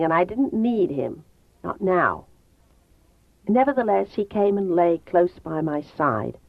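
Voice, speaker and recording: A woman narrating a novel aloud in the first person, measured and brooding. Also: on the low side, dry recording. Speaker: audiobook narrator. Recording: tinny phone-like dry sound.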